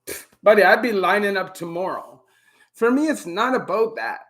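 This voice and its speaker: High-voiced Canadian man chatting on a live stream. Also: expressive, moderate pace, fairly bright tone. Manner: laid-back, greets viewers by name, frequent "you know". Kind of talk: casual live-stream chat. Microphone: camera on a stand.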